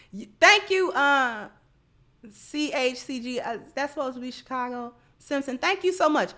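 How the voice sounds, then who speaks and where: A woman's voice: a little high, animated, moderate pace, sharp tone. A woman giving livestream commentary, lecturing through repeated rhetorical questions. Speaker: online commentator.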